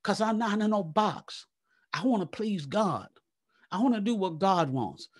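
A man preaching a live church sermon, fervent and repetitive, praying aloud between points and swinging from a low murmur to loud exclaims. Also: sing-song, measured pace. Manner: fervent, repeats "come on now" and "glory to God". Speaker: pastor.

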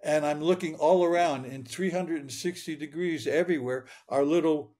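An older man in his eighties, a guest speaking with a somewhat high-pitched voice. He tells his story in an earnest, plain way and often stumbles over repeated words. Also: moderate pace, dark tone. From Michigan, United States. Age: 80s. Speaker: interview guest. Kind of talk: storytelling interview.

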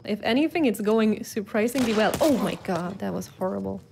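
A woman's voice: mid-range voice, animated, fairly quick, gravelly, a crowd in the background. A young adult woman streamer giving casual, self-deprecating commentary while playing and talking to her chat. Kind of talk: casual live gameplay commentary.

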